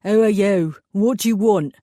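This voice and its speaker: Woman putting on a gruff East End mechanic. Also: high voice, warm tone, dry recording, clean studio sound, natural voice. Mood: hostile. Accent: East End London. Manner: gruff, slow, menacing, swears. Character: burly older tattooed male mechanic, hostile.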